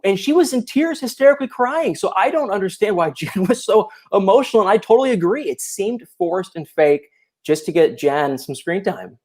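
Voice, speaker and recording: A man's voice: high-pitched, moderate pace. Opinionated man chatting as a guest. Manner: animated, opinionated, restarts often. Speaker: guest YouTuber. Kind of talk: casual chat.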